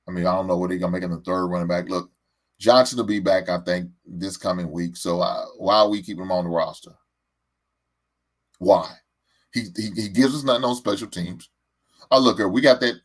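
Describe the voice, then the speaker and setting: Low-pitched male sports host, exasperated fan rant, stammers and repeats.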